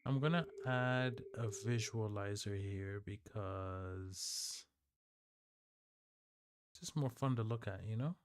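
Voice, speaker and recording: A man's voice: lowish voice, takes it slowly, pauses often, clean tone. A man streaming live, chatting loosely with his viewers and answering their messages aloud. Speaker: livestreamer.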